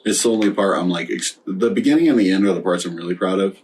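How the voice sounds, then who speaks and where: Very deep-voiced man, rambling and halting. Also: darkish tone, recorded from a distance, low-quality recording. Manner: rambling, halting, many fillers. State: stoned. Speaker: podcast host. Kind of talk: casual chat.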